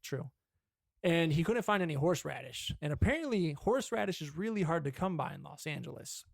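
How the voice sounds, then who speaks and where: A man's voice: on the high side, animated, fairly quick, vocal fry, no room sound, clean studio sound. Young man telling a rambling story. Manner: rambling storyteller, swears, mimics his dad. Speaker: podcast co-host. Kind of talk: casual chat.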